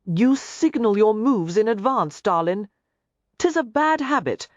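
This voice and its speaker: A confident, flirtatious Irish man with a warm brogue, put on by a woman narrator. He teases smoothly and plainly, his voice rising and falling freely. The recording is dry and a little dull. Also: expressive, a little slow, dry recording, close to an everyday voice. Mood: teasing brogue. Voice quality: warm, low and resonant in brogue. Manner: teasing, matter-of-fact.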